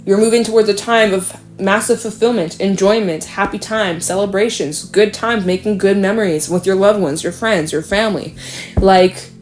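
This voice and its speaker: A woman's voice: medium pitch, fairly even intonation, normal speed. A young woman talking through a tarot reading in a loose, rambling way, full of fillers and casual swearing. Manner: rambling, chatty, swears and laughs often. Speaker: tarot reader.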